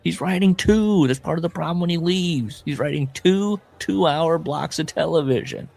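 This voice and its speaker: A man's voice: a little high, normal speed, vocal fry, darkish tone. A man co-hosting a podcast, telling stories in a rambling, casual way and laughing often. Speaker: podcast co-host. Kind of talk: casual comedic chat.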